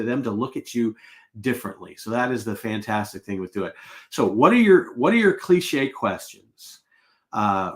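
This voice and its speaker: A middle-aged man with a medium-pitched voice coaches salespeople on a live webinar. He's casual and full of anecdotes, acting out the exchanges he quotes.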